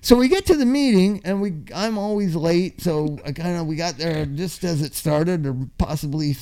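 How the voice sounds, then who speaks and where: An older man telling a long, funny story in a casual chat, swearing freely, laughing often and acting out his own yelling. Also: fairly high pitch, normal speed, clean tone.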